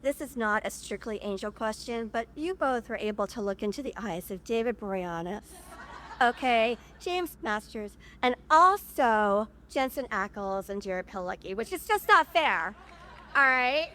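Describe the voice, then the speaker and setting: Bright sharp-voiced lady fan, gushing heartfelt question at a panel. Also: on the high side, lively intonation, a little slow.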